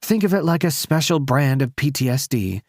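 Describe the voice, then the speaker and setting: A man's voice: expressive, normal speed, darkish tone, no room sound, studio quality. Man voicing a prickly, defiant young woman. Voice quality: lower, smoky voice. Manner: curt, clipped, combative. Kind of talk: audiobook character voice.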